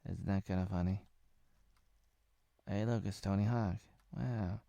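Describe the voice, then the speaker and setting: A man in his thirties talks through a cartoon episode in a loose, wandering way, stacking filler words between jokey asides. His voice sits low and mellow. The sound is dry and close, with no room around it. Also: steady tone, a little slow, vocal fry, no echo. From Oregon, USA. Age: 30s. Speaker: TV episode reviewer. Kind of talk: casual rambling recap.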